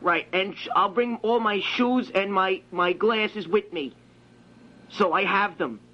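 A man's voice: sits high, unhurried, pushed and bright. A man playing a confused elderly caller who rambles, mishears and repeats himself about his glasses. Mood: muddled. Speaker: prank caller. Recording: lo-fi phone-call recording with faint noise.

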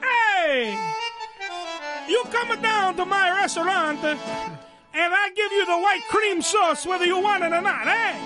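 A man hamming up a brash Italian-accented celebrity chef who bellows and boasts, his voice pitched extremely high. Music plays clearly behind him, and he keeps the bit crude and shouty throughout. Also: sing-song, measured pace, heavily acted. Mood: boisterous. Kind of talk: comedic impression on a talk radio show.

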